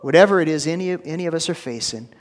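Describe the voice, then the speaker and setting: A man preaching a sermon, telling a story with lively acted-out voices and sudden drops to a whisper. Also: on the high side, very fast, big-room sound. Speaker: pastor.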